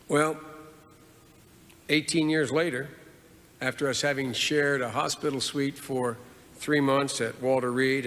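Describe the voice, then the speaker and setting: A man's voice: medium pitch, creaky, fairly bright tone. A man in his sixties delivering a formal eulogy as a senator, earnest and building his points with repeated phrases. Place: large funeral hall. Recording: long hall reverb, faint noise.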